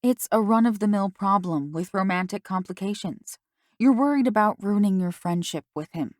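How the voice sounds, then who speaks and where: A woman voicing a mother who gently questions her daughter, in an audiobook. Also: medium pitch, normal speed, dry recording, clean studio sound, close to an everyday voice. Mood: gentle.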